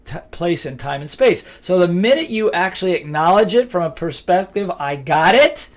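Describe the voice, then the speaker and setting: A middle-aged man teaches in a high-pitched voice. He is emphatic and keeps repeating his key phrases. He acts out both sides of short dialogues to make his points. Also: animated, moderate pace. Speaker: business speaker and trainer. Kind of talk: motivational teaching talk.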